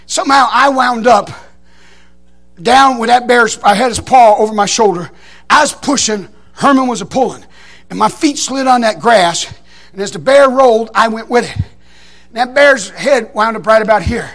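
A man, a preacher telling a folksy story in a sermon to a congregation, shouting out the lines he quotes. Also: very high voice, normal speed. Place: church in front of a congregation.

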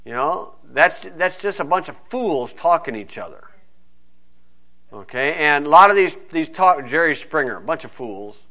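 Male preacher, folksy and digressive, bright pushy tone, a touch high-pitched. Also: lively intonation, normal speed. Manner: folksy, digressive Bible teaching. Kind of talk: sermon.

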